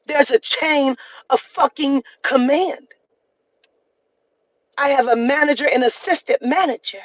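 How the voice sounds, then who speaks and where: A woman's voice: sits high, unhurried, no echo. A woman talks straight to camera in a heated, swearing rant, hammering her points home by saying them again. The sound is close and dry with little room around it. The top end is slightly dull. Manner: heated, profane, repeats lines for emphasis. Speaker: vlogger. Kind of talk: emotional storytime rant.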